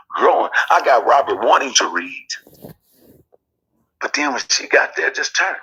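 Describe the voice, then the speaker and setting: A man telling a personal family story as a guest, lively and acting out the quotes. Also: medium pitch, normal speed, husky, lo-fi sound.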